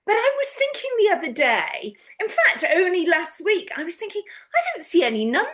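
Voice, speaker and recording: A middle-aged woman from the UK chats merrily and laughs often as she tells a tale. Her voice sits high and swoops freely through a lively range. The tone is bright and ringing. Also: normal speed. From United Kingdom. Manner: jolly, animated storyteller who laughs often. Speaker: guest, past life regression therapist. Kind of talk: casual storytelling chat.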